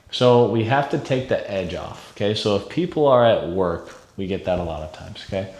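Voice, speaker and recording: A man teaching insurance sales techniques in an energetic coaching manner, often checking in with "okay?". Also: lowish voice, echoey room. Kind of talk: sales training lesson.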